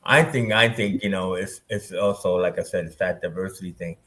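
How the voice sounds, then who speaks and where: A man's voice: deep voice, a little fast, a bit bright. A man, a filmmaker guest in an interview, easygoing and laughing often. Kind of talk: casual interview chat.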